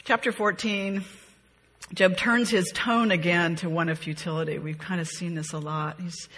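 Echoey, breathy woman teaching scripture. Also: lowish voice, steady tone, moderate pace, fairly bright tone. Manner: reads scripture aloud expressively, then muses in a chatty, reflective way. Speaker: Bible teacher. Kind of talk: conversational Bible study teaching.

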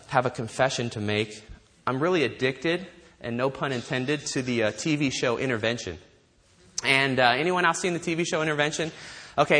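A pastor in a mid-range voice preaches a sermon to his congregation, telling stories with animation. He often restarts sentences and laughs along the way.

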